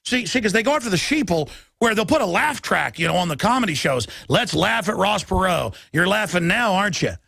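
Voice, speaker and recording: A man hosting a political talk show, ranting with impassioned, rapid-fire delivery that swings up into shouting. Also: high voice, very animated, gravelly, no room sound. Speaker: talk radio host.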